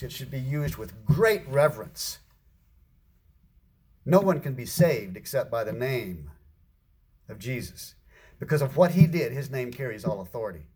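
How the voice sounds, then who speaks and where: Male preacher, husky tone, mid-range pitch, earnest sermon delivery. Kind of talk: sermon reading and explaining scripture.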